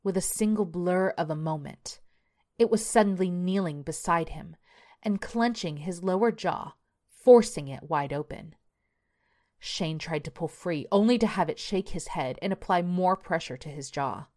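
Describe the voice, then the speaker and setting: A woman narrating a horror story in a measured storytelling voice. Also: on the low side, a little mellow.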